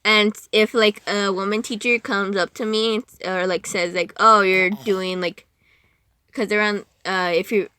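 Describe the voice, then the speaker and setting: A woman's voice: mid-range voice, steady tone, moderate pace, few pauses, fairly bright tone, clean tone. A young woman chatting as a podcast guest, rambling, giggling and cutting herself off mid-sentence. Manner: rambling, giggly, self-interrupting. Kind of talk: casual chat.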